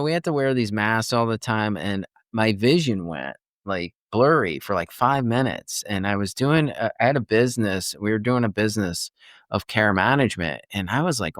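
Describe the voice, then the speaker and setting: A man in his fifties tells a personal story as a podcast guest, chatty and animated, often restarting his sentences. His voice sits on the low side. The recording is dry, with no room echo. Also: smooth. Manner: animated storyteller, loose and chatty, restarts often and acts out other people's words. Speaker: guest, transformational coach and former nurse.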